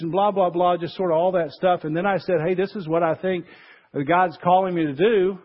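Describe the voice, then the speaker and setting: A man's voice: sits high, fairly quick, dull audio. A man preaching a conversational sermon as pastor, acting out the voices he quotes.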